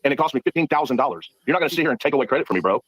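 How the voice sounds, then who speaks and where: Man, rapid-fire, combative, indignant, dry close sound. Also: mid-range voice, animated, a bit bright, husky, no room sound, poor audio. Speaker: panel guest. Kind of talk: heated debate.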